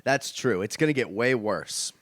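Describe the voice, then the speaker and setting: A man co-hosting a comedy podcast over a remote call, sarcastic and animated, telling stories with mock anger. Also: mid-range voice, normal speed, no room sound. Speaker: podcast co-host. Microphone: remote call mic.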